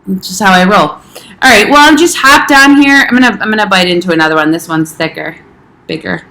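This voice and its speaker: A woman's voice: mid-range voice, a little fast, pushed and bright, reverberant, poor audio. A young adult woman health coach chatting casually in a home kitchen, rambling a little and talking with her mouth full. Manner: chatty, rambling, talks while eating. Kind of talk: casual vlog chat.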